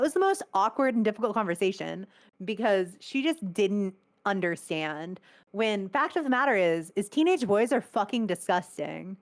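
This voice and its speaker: A woman's voice: mid-range voice, normal speed. Blunt young woman telling stories. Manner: animated, blunt, swears freely. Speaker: interview guest. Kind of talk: casual storytelling.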